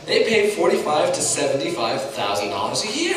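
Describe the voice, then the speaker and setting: A young man doing a stand-up comedy set, chatty and animated, talking straight to the crowd. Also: on the high side, fairly quick. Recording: echoey hall from a distant mic.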